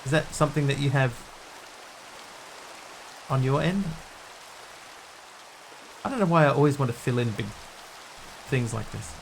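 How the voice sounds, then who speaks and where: A man hosting a live game stream, speaking at a middle pitch. He muses aloud as he builds and chats loosely with his viewers. A faint wash of noise sits behind his voice. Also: animated, unhurried, creaky, long pauses. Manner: thinks aloud while building, answering viewers' chat.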